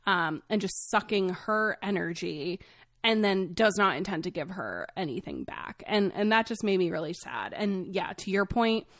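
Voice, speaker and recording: A woman co-hosting a podcast in casual chat, candid and quick to laugh, swearing freely. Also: medium pitch, lively intonation, a bit bright, no room sound, studio quality. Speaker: podcast co-host. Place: podcast recording setup.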